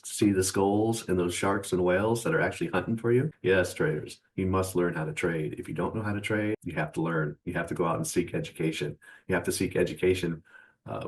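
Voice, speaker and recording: Brief: low-voiced male host, mocking and profane, lectures viewers he calls traders. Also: rough recording. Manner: scornful and profane, laughs at his own jabs; keeps calling the viewer traders. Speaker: trading channel host. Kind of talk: mocking motivational rant to the viewer.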